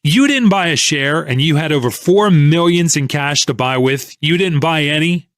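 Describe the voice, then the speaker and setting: A man voicing a furious, shouting male speculator in an audiobook, accusing and sputtering with anger. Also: on the high side, moderate pace, dry recording, studio quality, natural voice. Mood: angry shouting. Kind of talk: audiobook character voice.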